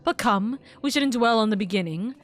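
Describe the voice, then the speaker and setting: A woman's voice: a little high, expressive, moderate pace, slight background noise, lightly acted. A woman reading a grandiose, mocking male game villain's lines aloud in a formal, theatrical way.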